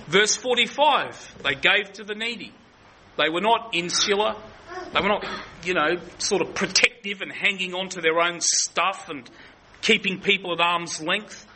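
Male preacher, high and bright, earnest teaching sermon, faint hiss behind. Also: measured pace, low-quality recording. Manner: earnest expository preaching with frequent restarts.

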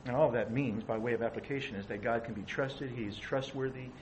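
Middle-aged male pastor, chatty teaching sermon, even mid pitch, slight background hiss. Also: brisk, muffled recording. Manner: conversational, asks the audience questions.

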